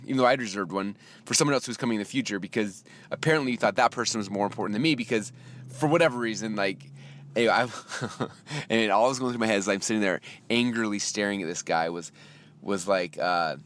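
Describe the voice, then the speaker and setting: This male podcast host speaks at a fairly low pitch with a fairly bright tone, sitting in a car. His story comes out as a casual rant where he voices both people in the exchange, speeding up and getting heated whenever he's exasperated.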